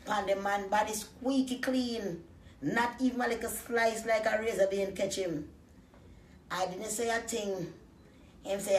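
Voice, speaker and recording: A brash woman with a Jamaican accent moves from patois storytelling into rhythmic, profane rap. Her voice sits in a middle pitch. The room is echoey, she is set back from the mic, and faint ambience sits behind her. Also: steady tone, unhurried, a little hiss or hum. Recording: roomy echo, distant from the mic.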